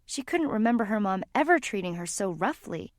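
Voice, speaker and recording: Calm woman reading an audiobook. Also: medium pitch, a little fast, dry recording, studio quality. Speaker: audiobook narrator. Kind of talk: scripted narration.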